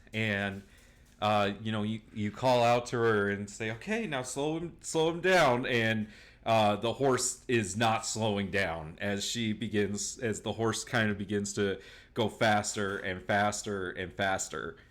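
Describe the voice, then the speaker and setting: A man narrating as game master in a tabletop game, casual and halting with many fillers. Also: lowish voice, fairly bright tone.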